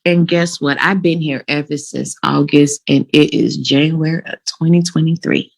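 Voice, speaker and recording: A woman speaks to her viewers in a casual, motivational vlog, telling her story with animation and plain, direct talk. Her voice sits a little low for a woman. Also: steady tone, moderate pace, vocal fry. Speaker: vlogger giving law of attraction tips.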